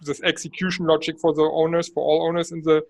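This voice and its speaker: A man's voice: fairly high pitch, level tone, quick pace. A man on a video call working through a technical point, thinking aloud and often checking with "right?". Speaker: developer on a community call. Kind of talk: technical discussion.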